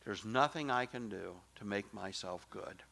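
A middle-aged male pastor preaching a sermon, emphatic and swinging from soft, low asides to loud exclamations. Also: moderate pace, vocal fry.

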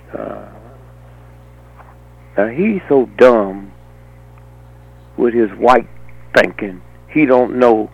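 Gravelly older man telling stories. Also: medium pitch, no echo, low-quality recording. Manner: animated, punctuates with rhetorical "huh?". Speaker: storyteller. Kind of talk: anecdotal monologue.

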